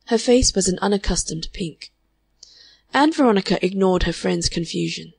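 Female audiobook narrator, measured delivery, mid pitch, dry close recording. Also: lively intonation, creaky, darkish tone, breathy edge, no echo. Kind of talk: scripted narration of a classic novel.

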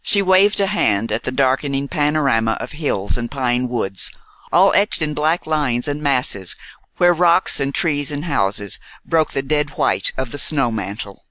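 Bright, animated novel narrator; measured and expressive, close dry mic. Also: medium pitch, dry recording. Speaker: audiobook narrator.

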